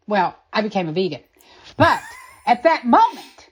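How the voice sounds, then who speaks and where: A woman being interviewed, telling a personal story in an animated, emphatic way. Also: on the high side, normal speed, breathy edge. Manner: animated, emphatic, acts out quoted voices.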